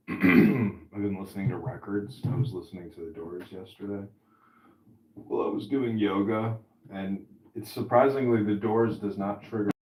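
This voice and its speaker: A man hosting a podcast in a casual chat, an animated storyteller who swears freely. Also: on the low side, moderate pace, a little hiss or hum. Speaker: podcast host. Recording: roomy, distant mic.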